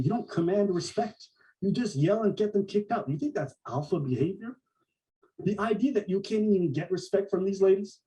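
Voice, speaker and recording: A man with a high, quick voice tears into his rivals in a mocking, profane podcast rant. He rattles off his points fast and stays set back from the microphone, so the sound is a little distant. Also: mellow. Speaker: podcast co-host.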